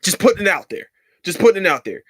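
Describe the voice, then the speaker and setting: A man's voice: high-pitched, very animated, quick pace, a bit bright, breathy edge, no room sound, clean studio sound. A man hosting a podcast, ranting in a heated, profane and sarcastic way, repeating lines for emphasis. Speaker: podcast host. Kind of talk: casual rant.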